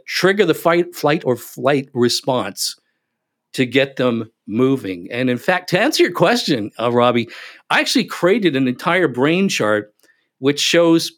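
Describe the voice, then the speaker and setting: A man speaking as a podcast guest, telling stories with emphatic, animated delivery. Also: mid-range voice. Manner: animated, emphatic, acts out quotes. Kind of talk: casual interview storytelling.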